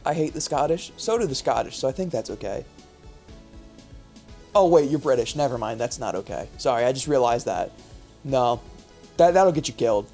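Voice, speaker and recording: A man's voice: medium pitch, lively intonation, moderate pace, gravelly, long pauses, dark tone, faint music behind. A man hosting a live stream, chatting casually with chat and a co-player, joking and swearing freely. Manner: joking, profane, riffs with chat. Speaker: streamer host playing a word game.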